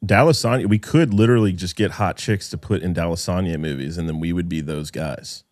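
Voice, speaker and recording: Low-voiced man in dry casual banter. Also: fairly quick, a little mellow, no room sound. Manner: loose, joking, provocative banter. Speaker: podcast host. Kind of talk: casual podcast chat.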